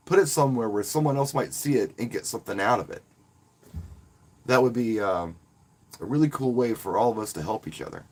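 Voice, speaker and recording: A man's voice: on the low side, slightly rough. A man who works as a wedding DJ, casually talking to viewers on a live stream in a rambling, friendly way and often restarting his words. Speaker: wedding DJ and channel host.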